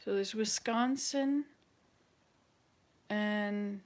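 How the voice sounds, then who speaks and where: A woman's voice: medium pitch, very slow. A woman hosting a casual chat with online viewers, thinking aloud and hesitating as she searches her memory. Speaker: channel host.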